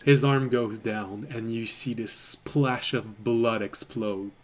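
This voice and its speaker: A man narrating a tabletop fantasy game as game master, describing scenes deliberately. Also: mid-range voice, steady tone. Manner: descriptive, deliberate, occasional trailing restarts.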